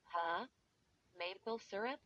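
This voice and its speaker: A woman's voice: medium pitch, slow pace, no echo, lightly acted. A woman reading a flustered, defensive boy. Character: nervous boy, the accused younger brother. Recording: dull lo-fi recording.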